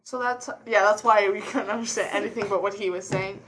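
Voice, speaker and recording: A woman co-hosts a casual chat in a mid-pitched voice. She rambles along in a chatty way, circling back over her points. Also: fairly even intonation, brisk, background noise. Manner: chatty, rambling with fillers and restarts. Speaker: co-host.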